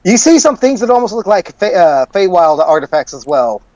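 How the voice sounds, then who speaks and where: A man runs a tabletop game, narrating scenes with a playful, laughing delivery. His voice is high and swings lively up and down. The sound is dry, as if from a home voice call. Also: moderate pace, dry recording, low-quality recording. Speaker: dungeon master.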